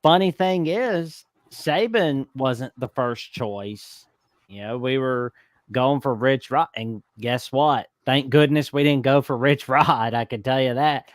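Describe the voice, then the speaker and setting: A man hosting a casual college football talk show, animated and given to mock-scolding asides. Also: mid-range voice, slow pace, dry recording, studio quality.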